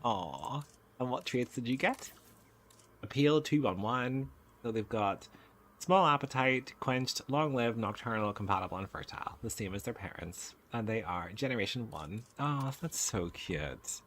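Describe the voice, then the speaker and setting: A man giving excitable let's play commentary, cooing at the baby creatures in his game. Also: medium pitch, unhurried. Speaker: gaming channel host. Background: game music.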